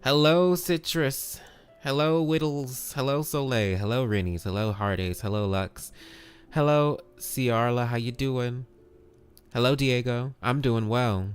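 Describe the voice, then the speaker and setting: A man speaks at medium pitch, a little slowly, with a clear, resonant tone over soft background music. He's streaming a video game live, chatting in a casual, upbeat way, greeting viewers by name and swearing now and then.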